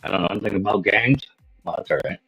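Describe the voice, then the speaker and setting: A man's voice: fairly low pitch, fast, creaky, pushed and bright, slightly rough. A man co-hosting a casual chat, joking and chiming in with short remarks. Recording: dull lo-fi stream audio with faint music.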